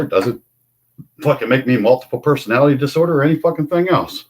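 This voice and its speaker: An older man in an angry, profane livestream rant, confrontational and shouting at times. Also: medium pitch, breathy edge.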